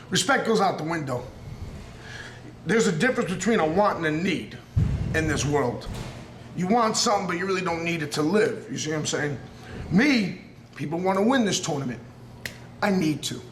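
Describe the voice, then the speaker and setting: A man's voice: fairly high pitch, expressive, moderate pace, pauses often, a little hiss or hum. A man in his thirties with a New York accent, a professional wrestler giving a raw, unscripted promo interview in an earnest, intense, rambling way. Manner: earnest and intense, rambling, circling back on himself. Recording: roomy echo.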